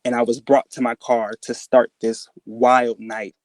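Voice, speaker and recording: A man recounting a frightening personal experience in casual, halting speech, full of fillers and restarts, jumping up in pitch to act out quoted dialogue. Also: level tone, darkish tone, no room sound. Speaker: guest telling a personal encounter story.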